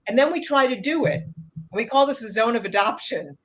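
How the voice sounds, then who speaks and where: Woman guest, lively expressive delivery, dramatizes her own thoughts mid-answer. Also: a little fast, low-quality recording. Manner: animated, acts out inner voices with sudden pitch jumps. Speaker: guest expert. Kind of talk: conversational interview answer.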